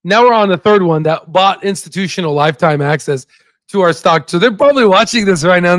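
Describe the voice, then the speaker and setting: A man hosting a casual stock investing livestream, joking and hyping, with sudden shouted bursts and constant "right?" asides. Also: high voice, lively intonation, brisk, no echo.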